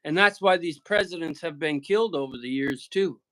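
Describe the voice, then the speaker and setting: A man's voice: a little high, brisk, fairly bright tone, low-quality recording. A man from Michigan with an Upper Midwest American accent, chatting casually in a blunt, profane, joking way. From Michigan, USA. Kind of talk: casual chat.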